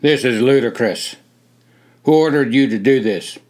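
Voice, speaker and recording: A man voicing a stern male army duty officer who barks loud, commanding orders. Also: medium pitch, normal speed, close to an everyday voice.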